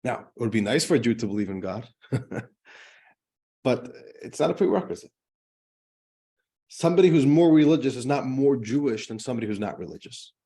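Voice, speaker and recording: A man who is a rabbi teaching a class, telling a joke in a lively, conversational way before explaining a lesson. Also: medium pitch, normal speed, pauses often.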